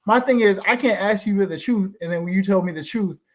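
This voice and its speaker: A man's voice: high-pitched, quick pace. A man hosting a casual podcast chat, talking emphatically and repeating himself for stress. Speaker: podcast host.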